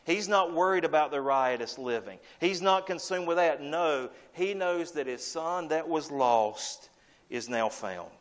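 Male pastor, emphatic preacher who repeats lines, a touch high-pitched. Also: a little slow. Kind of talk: sermon.

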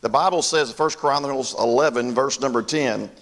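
A man's voice: mid-range voice, moderate pace, a bit bright. An older man from North Carolina, preaching a sermon in a folksy storytelling way and talking straight to his congregation. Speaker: pastor.

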